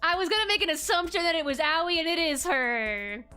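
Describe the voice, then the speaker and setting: A woman's voice: very high-pitched, fairly quick, bright, forceful tone. A woman streaming a game in casual commentary, playful and laughing often as she reads lines aloud. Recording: faint music in the background.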